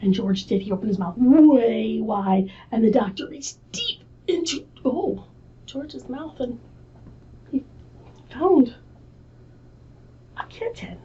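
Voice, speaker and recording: Librarian lady reading to kids, high bright lively voice, far off muffled mic. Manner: animated, slow and expressive, asks the kids questions. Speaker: children's librarian. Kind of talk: children's storytime reading. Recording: distant muffled mic with faint hiss.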